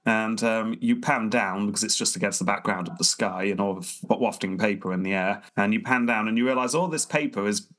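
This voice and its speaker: A man's voice: on the low side, fairly quick, hardly any pauses, fairly bright tone. A man co-hosting a casual podcast, joking, laughing and telling a scene as a story. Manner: jokey, storytelling, laughs often. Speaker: podcast co-host. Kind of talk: casual chat.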